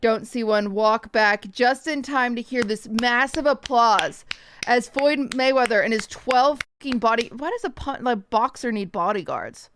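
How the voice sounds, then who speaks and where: A young woman streamer tells her viewers a casual story, swearing freely and quickly imitating other people's lines. Her pitch is fairly high, and there's background noise.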